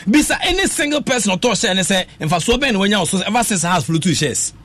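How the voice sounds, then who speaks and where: A man's voice: sits high, sing-song, fairly quick, a bit bright, slight background noise. A man with a Ghanaian accent talking football passionately on a radio sports show, mixing English and Twi and breaking into sing-song phrases. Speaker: radio sports talk panelist. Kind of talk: animated radio sports talk.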